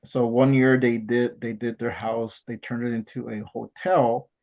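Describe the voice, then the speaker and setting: Male podcast host, gravelly mid-low voice, halting casual delivery, dull lo-fi recording. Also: flat delivery. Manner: halting, many fillers and restarts while recounting. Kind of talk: casual chat. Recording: dull lo-fi sound.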